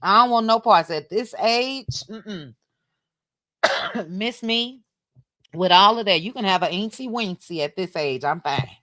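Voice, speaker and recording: A woman's voice: mid-range voice, animated, slow, long pauses, a bit bright, no echo, clean studio sound. Teasing woman host of a late-night chat. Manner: laughing, teasing, talks straight to her chat. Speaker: livestream host reading chat.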